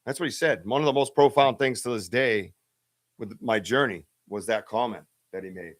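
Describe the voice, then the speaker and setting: A podcast host with a fairly low-pitched voice talks at a moderate pace while telling a story on a live stream. His delivery is casual and rambling, with plenty of fillers and restarts.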